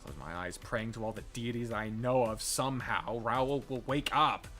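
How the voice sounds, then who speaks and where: A man's voice: medium pitch, normal speed, hardly any pauses, a bit bright, soft background music. A man streaming a story game, reading first-person narration dramatically and breaking off with swearing and jokes.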